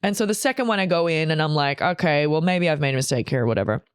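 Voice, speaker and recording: A woman's voice: low-pitched, animated, quick pace, clean tone, no echo, studio quality. A woman in her forties telling a long personal story on a podcast, rambling and emotional, with frequent swearing and restarts. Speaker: comedian guest. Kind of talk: candid storytelling chat.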